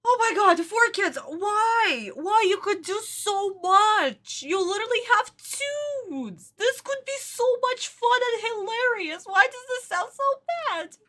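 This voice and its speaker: A woman's voice: extremely high pitch, lively intonation, slow pace, hardly any pauses, a bit bright. A woman hosting a reaction video, ranting in exasperation and laughing at what she watches. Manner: exasperated, rants and laughs at the show. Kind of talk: casual reaction commentary.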